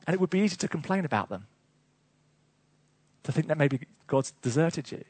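Male preacher, sermon; high husky voice, chatty storytelling with chuckles. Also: fairly quick, dry recording. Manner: lively storytelling with chuckles, asides to the congregation.

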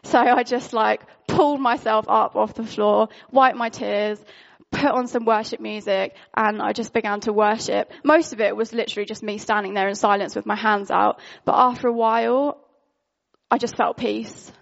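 A woman speaks in an informal, candid sermon, chatty and full of fillers. Her voice sits fairly high with a gravelly fry. The recording sounds dull and lo-fi. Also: steady tone, moderate pace. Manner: candid, conversational, frequent fillers. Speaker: worship speaker.

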